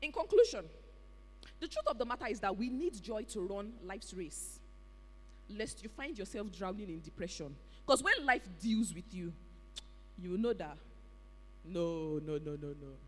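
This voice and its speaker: A preacher with a Nigerian accent delivering an animated, exclamatory sermon in a church hall. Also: mid-range voice, normal speed. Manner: animated, exclamatory, with pidgin interjections. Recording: reverberant hall.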